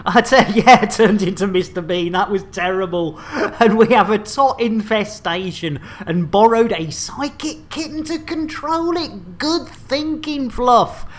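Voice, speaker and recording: Lady streaming a game, jokey banter w chat, mid pitch. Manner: chatty, jokey, fast banter with viewers. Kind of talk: live gameplay commentary.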